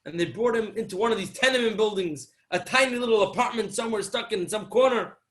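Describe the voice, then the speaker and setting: A man giving a Torah talk as a sermon, telling a story and acting out its dialogue, swinging between loud and soft. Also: high voice, fast talker.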